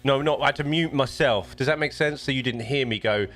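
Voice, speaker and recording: A man's voice: medium pitch, fairly quick, few pauses, fairly bright tone, soft background music. Chatty British man streaming live. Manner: rambling, chatty, often restarts sentences. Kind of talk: casual live-stream chat. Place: home desk setup.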